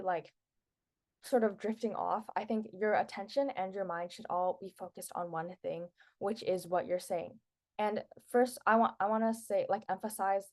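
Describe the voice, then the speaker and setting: A woman's voice: mid-range voice, a little mellow. A teenage girl presenting public speaking tips to a class in a casual, chatty way, with lots of filler words. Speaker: student presenter.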